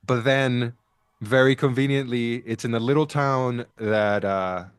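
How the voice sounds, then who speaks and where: A man's voice: mid-range voice, measured pace, smooth, no echo, studio quality. A man in casual podcast chat, ranting animatedly about a film and often restarting his sentences.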